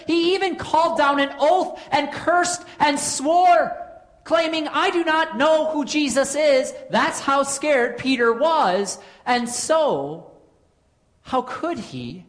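A woman preaching a sermon in an earnest way, posing rhetorical questions with dramatic pauses. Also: high voice.

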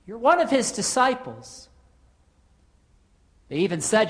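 A woman preaching a sermon in an earnest way, posing rhetorical questions with dramatic pauses. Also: a little high, big pitch swings.

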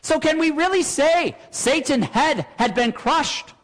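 A pastor delivers an earnest sermon, pressing his listeners with rhetorical questions. His voice sits very high for a man. The sound rings out with the long reverb of a church hall. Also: animated, measured pace.

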